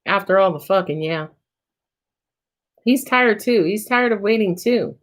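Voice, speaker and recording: A woman's voice: mid-range voice, expressive, unhurried. A woman tarot reader answering viewers' questions on a live stream, talking in a casual, slangy, profane way and sounding tired.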